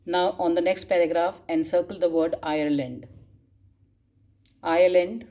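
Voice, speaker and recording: Woman teacher reading notes aloud for students to copy, very slow, repeats phrases, coughs often. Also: fairly low pitch, steady tone, warm tone. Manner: slow dictation, spelling out words and repeating phrases; frequent coughs and throat clearing. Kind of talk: dictating class notes.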